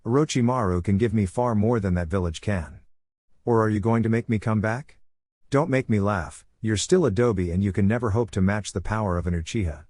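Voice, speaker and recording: A man's voice: fairly quick, darkish tone, no echo, studio quality, lightly acted. A man voicing an arrogant, sneering teenage rival ninja in a fan-fiction audiobook. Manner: sneering, then shrill and defensive.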